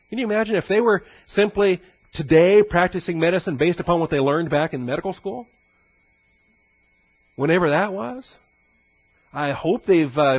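A man's voice: fairly high pitch, dry recording, muffled recording. A man, a pastor, giving a conversational teaching sermon with frequent fillers and asides.

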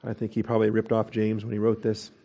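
Male Bible teacher, mellow tone, conversational expository delivery with fillers and rhetorical questions. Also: lowish voice, monotone, fast talker, vocal fry, slightly rough. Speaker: pastor teaching Bible study.

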